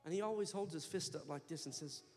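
Brief: male pastor, high voice, fervent storytelling sermon, reverberant church, music faint behind. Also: fast. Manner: impassioned storytelling preacher, building to loud fervor. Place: church sanctuary.

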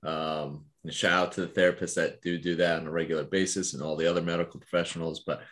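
A man with a fairly low voice chatting casually about his clinic days. He rambles, circling back through fillers and restarts as he tells a story. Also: flat delivery, quick pace, a bit bright. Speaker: physical therapist, podcast co-host.

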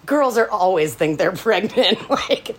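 A woman's voice: medium pitch, animated, unhurried, husky. Sarcastic, laughing young woman. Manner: laughing, sarcastic, swears a lot, acts out characters. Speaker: podcast co-host. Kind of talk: casual profane book recap chat.

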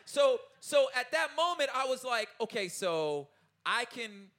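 A man in his thirties giving a casual, animated talk to an audience, often checking in with his listeners and laughing as he goes. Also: very high-pitched, a little slow. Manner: loose, informal phrasing with laughs. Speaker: artist speaking at a talkback.

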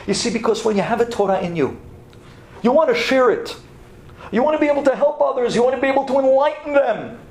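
Animated storytelling rabbi, high voice. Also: male voice, echoey room. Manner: animated storyteller, acting out both sides of dialogue. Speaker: rabbi giving a class. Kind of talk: storytelling Torah class.

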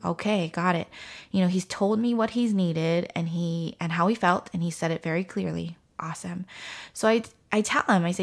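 A woman in her thirties hosting a parenting podcast, calmly telling a story and acting out the dialogue. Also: on the low side, moderate pace, gravelly. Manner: calm, storytelling with quoted dialogue. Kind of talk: instructive parenting talk.

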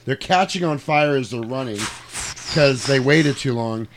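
A man's voice: medium pitch, unhurried, slight background noise. Man animatedly retelling a movie. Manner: animated, profane, laughs while telling. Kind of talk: casual chat retelling a movie.

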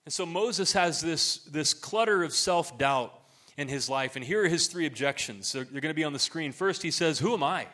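A man's voice: a little high, lively intonation, normal speed, sharp tone. A middle-aged man preaching a sermon as pastor, conversational and earnest, often restarting his sentences.

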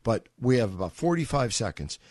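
A man hosting a talk radio show, speaking in a wordy, brisk and wry way. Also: mid-range voice, very animated, a little mellow, no room sound, studio quality.

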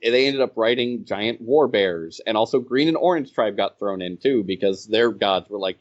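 A man telling stories from running his game in a casual podcast chat, animated and laughing as he goes. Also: fairly low pitch, normal speed, hardly any pauses. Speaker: game designer and organizer. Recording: slightly dull, lo-fi audio.

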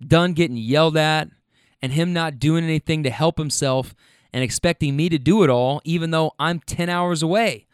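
Animated, frank man with a dry sound. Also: on the high side, moderate pace, smooth, no room sound. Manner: animated, frank, swears freely. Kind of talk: casual monologue retelling a conversation.

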